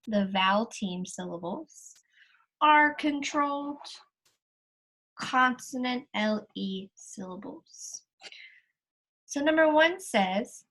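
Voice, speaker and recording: A woman's voice: medium pitch, fairly bright tone, rough recording. A woman teacher patiently walking students through their worksheet answers step by step, recorded while sharing her screen. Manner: slow, patient, explaining step by step. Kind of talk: recorded lesson walkthrough. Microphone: screen-share recording.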